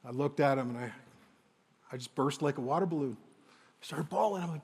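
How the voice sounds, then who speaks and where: A man in his fifties, telling a personal story on stage as a motivational speaker, dramatic and emotional with slow, weighty pauses. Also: on the high side, vocal fry, darkish tone, slightly rough, in a large hall. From Windsor, Ontario, Canada.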